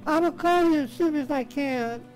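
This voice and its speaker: A man's voice: very high voice, normal speed, soft background music. A man voicing a fragile, rambling woman who sobs with grief and then chatters on sweetly. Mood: chatty, sweet. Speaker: scambaiter.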